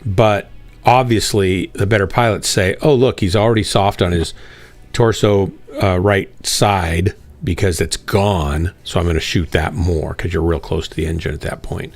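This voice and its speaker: A man's voice: low-pitched, fairly even intonation, moderate pace. A man hosting a live game stream, chatting casually and self-deprecatingly with viewers while he plays.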